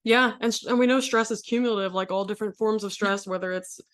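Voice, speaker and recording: A woman's voice: mid-range voice, fairly even intonation, fast talker. A woman hosting a podcast interview who picks up the guest's points and adds to them. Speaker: podcast host. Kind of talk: casual interview chat.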